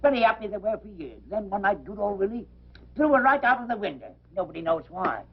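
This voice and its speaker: An actor playing a quarrelsome older male pub owner with a raspy, gravelly voice. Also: sits high, very animated, fast talker, full character voice. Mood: rambling. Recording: dull old film soundtrack.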